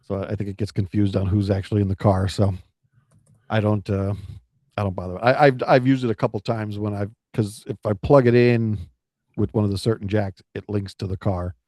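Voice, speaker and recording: Male podcast co-host, lowish voice, halting chatty delivery, dry sound. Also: fairly even intonation, a little mellow, no room sound. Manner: rambling, halting restarts. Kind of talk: casual chat.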